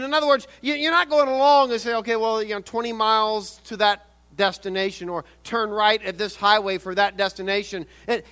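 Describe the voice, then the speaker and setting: A man preaching a sermon, swinging from loud urgent emphasis to quiet intensity and often repeating words. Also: extremely high pitch. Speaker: pastor.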